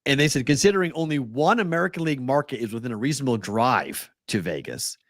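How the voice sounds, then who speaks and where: A man's voice: mid-range voice, expressive, fast, dry recording, studio quality. Boston man co-hosting sports talk. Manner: chatty storyteller, laughs often. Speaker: co-host.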